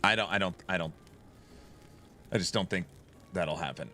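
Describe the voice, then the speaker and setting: A man streaming a game and chatting casually with his viewers, animated and often repeating the start of his sentences. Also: low-pitched, moderate pace, soft background music. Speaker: game streamer reading chat. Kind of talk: casual livestream chat.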